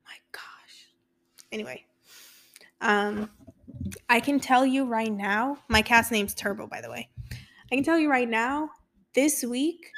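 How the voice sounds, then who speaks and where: A young woman hosting her own podcast, chatting candidly and casually, with frequent swearing. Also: fairly high pitch. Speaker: podcast host. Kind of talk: casual solo podcast chat.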